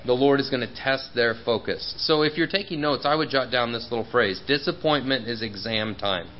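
A man's voice: medium pitch, normal speed, muffled recording, a little hiss or hum. A man preaching a sermon in an earnest, personal way, with frequent fillers and repeated words.

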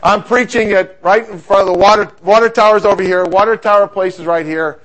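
A middle-aged man preaching a sermon, telling stories in an animated, humorous way. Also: high voice, fairly quick.

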